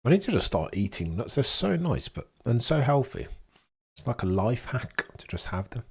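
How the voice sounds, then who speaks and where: A man's voice: medium pitch, sing-song, normal speed, husky. A young man hosting a livestream, chatting casually and joking as he reads comments aloud. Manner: chatty, jokey, laughs often, mutters asides. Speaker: livestream host.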